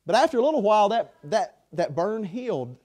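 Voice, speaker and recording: A man preaching a sermon in a chapel, passionate, swinging between loud pleas and hushed passages. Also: high voice, sing-song, a little fast.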